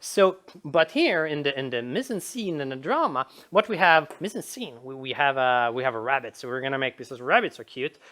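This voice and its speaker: A woman's voice: rumbling low, lively intonation, brisk, hardly any pauses, fairly bright tone. A woman giving a casual, rambling game design commentary, with frequent restarts and repeated words. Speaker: video essayist.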